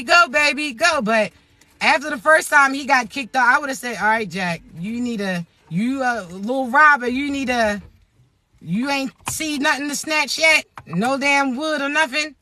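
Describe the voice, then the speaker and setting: A woman vlogger giving blunt, profane spiritual advice in a joking, streetwise way, with low "mm-mm" asides. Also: pushed and bright, dry recording. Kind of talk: casual spiritual advice rant.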